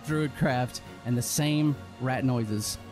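A man's voice: mid-range voice, slow, music in the background. A man playing a tabletop game, thinking aloud hesitantly as he plans his move. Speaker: player. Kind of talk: casual tabletop game talk.

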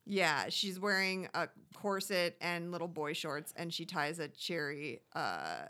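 A woman's voice: on the low side, expressive, measured pace, sharp tone. A woman co-hosting a casual chat, recapping a show with sarcastic asides. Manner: chatty, sarcastic, acts out quotes in squealy voices. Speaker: podcast co-host recapping a reality show.

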